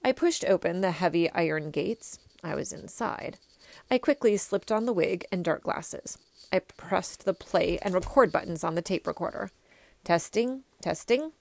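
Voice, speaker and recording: A woman reading a children's story aloud in an expressive first-person way. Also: lowish voice, normal speed, vocal fry, no room sound. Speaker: reader.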